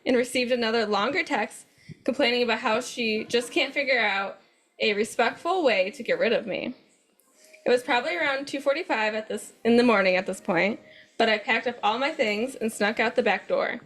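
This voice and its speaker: Animated woman reading forum posts. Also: a little high, a little fast. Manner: animated reader, laughs readily. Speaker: co-host.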